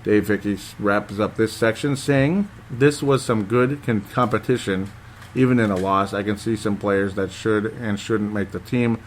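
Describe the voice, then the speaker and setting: A man's voice: on the low side, steady tone, moderate pace, slight background noise. A man hosting a casual sports podcast, reading listener comments aloud and reacting in a rambling way. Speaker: podcast host.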